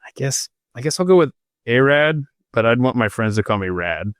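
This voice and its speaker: A man's voice: mid-range voice, expressive, moderate pace, dry recording, clean studio sound. Rambling, distractible podcast host man. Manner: rambling, distractible, self-mocking asides. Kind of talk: unscripted casual chat.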